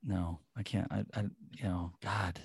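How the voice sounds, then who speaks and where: A man's voice: sits low, steady tone, measured pace, creaky, slightly rough, no echo. A man hosting a casual sports podcast, talking animatedly with plenty of swearing and rambling stories. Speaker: podcast host.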